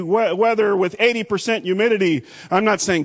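A middle-aged man from Texas, preaching a sermon with big swings from loud to hushed. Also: sits high, a little fast. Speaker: pastor.

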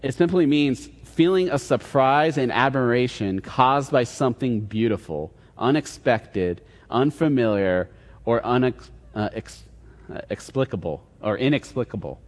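In a church hall with long, booming reverb, a man preaches a casual sermon. His mid-range voice is animated and measured as he retells a Bible story conversationally, quoting the characters' dialogue.

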